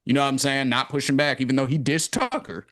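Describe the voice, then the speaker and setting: A man hosting a casual podcast chat, ranting in a profane, animated way. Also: medium pitch, fast, no echo, clean studio sound. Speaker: podcast host.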